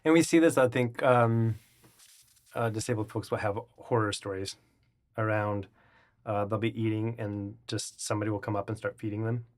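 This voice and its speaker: Guy hosting an interview, thinking out loud, chill. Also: fairly low pitch, steady tone, normal speed. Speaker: interview host. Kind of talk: casual interview chat.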